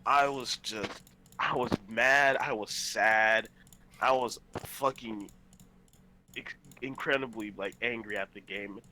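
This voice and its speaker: A young man with a bright, forceful voice rambles through a gaming story on a casual podcast. He swears freely, restarts his sentences and piles on fillers. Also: on the low side, takes it slowly, a little hiss or hum, poor audio. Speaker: podcast co-host. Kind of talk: casual chat.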